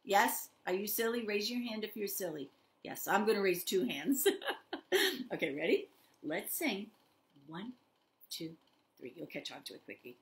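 An older woman leading a toddler story time, talking straight to small children in an animated, sing-song way. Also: mid-range voice, moderate pace, pauses often. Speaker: children's librarian.

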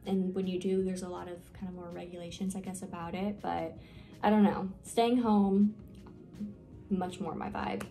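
A woman's voice: fairly low pitch, level tone, normal speed, dark tone, faint music behind. A young woman talking casually in a get-to-know-me vlog, rambling with lots of fillers and self-deprecating asides. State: nervous, with hiccups. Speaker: vlogger.

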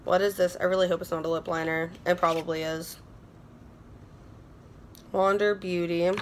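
A woman's voice: on the low side, level tone, moderate pace, a little hiss or hum. A young woman chatting casually while unboxing beauty products at home, bubbly and gushing, often repeating herself. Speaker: beauty vlogger. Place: indoors at home.

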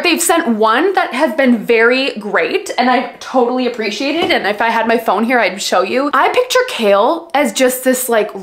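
A woman's voice: medium pitch, a bit bright. A woman chatting casually in a book vlog, gushing and full of fillers. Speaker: book vlogger. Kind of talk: casual reading vlog chat.

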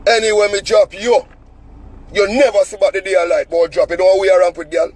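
A man's voice: high-pitched, flat delivery, a little fast, low-quality recording. A Jamaican man telling a story as an angry, cussing rant in heavy patois, sitting in a car. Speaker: vlogger.

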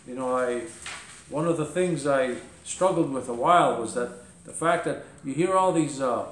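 A man's voice: mid-range voice, normal speed, roomy sound, slight background noise. A man preaching a sermon as pastor, emphatic, firing rhetorical questions and voicing mock objections. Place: church.

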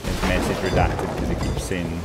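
A Scottish man hosting a game stream, chatty and quick to laugh as he reads out viewer messages. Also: low-pitched, completely flat delivery, loud music behind the voice. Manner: chatty, laughs often while reading out messages. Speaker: stream host reading chat. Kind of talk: casual game stream chat. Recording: game stream with background noise.

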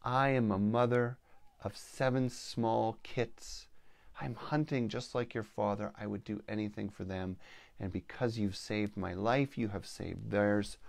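A man voicing a sly wild female mountain lion, a mother, in a coaxing, hushed, low way in a spoken story. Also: steady tone, unhurried, gravelly, no room sound. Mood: tender.

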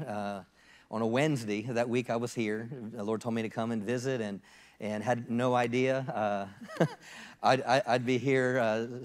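A man in his fifties, the host pastor, introducing a guest speaker in a halting way with restarts. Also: mid-range voice, in a large hall. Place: church sanctuary.

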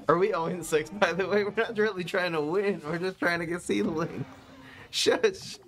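A man giving casual commentary as he plays a card game, swinging between low muttering and exasperated outbursts. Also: unhurried, a bit bright. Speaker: gaming streamer.

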